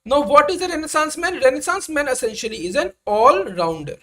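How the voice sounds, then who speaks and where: A young woman gives a live online lecture. Her voice sits fairly high and moves animatedly up and down. She keeps checking on her listeners with a quick "right?". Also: lively intonation, bright, forceful tone. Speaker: exam-prep lecturer.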